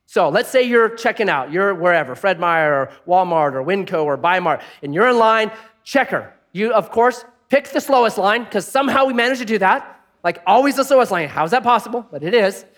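A male pastor preaching with a high, very animated voice that leaps around. He tells stories with jokes, then turns soft and quiet for his prayerful points. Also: fairly quick. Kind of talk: sermon.

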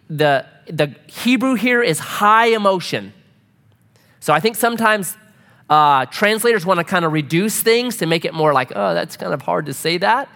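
A middle-aged man preaching a joking, animated sermon to a congregation. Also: a little high. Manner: animated, joking, acts out quoted voices. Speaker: pastor. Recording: reverberant hall.

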